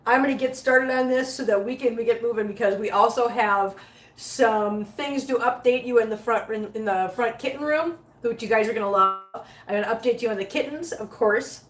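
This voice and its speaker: A woman with a slightly high voice talks casually to her live viewers while she cleans up after her cats at home, laughing easily and stopping to talk to the cats. The sound comes from a phone set up nearby in an echoey room. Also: a little fast. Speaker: cat vlogger reading live chat. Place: home with many cats, litter box area.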